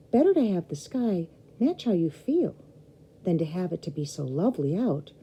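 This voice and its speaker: Husky, dark-toned woman reading to children. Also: low-pitched, low-quality recording. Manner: expressive, talks to young listeners. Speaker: storybook reader. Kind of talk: reading a children's novel aloud.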